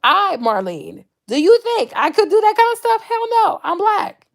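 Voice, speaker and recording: A woman from the Ivory Coast talking casually to camera, animated and often dropping into mocking impressions. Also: very high-pitched, normal speed, vocal fry. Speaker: vlogger.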